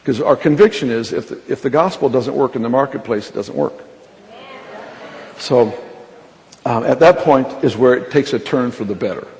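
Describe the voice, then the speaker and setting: A man preaching a sermon, telling a lively, humorous story to a congregation from a stage microphone. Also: medium pitch, moderate pace, gravelly. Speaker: pastor. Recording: reverberant large hall with faint noise.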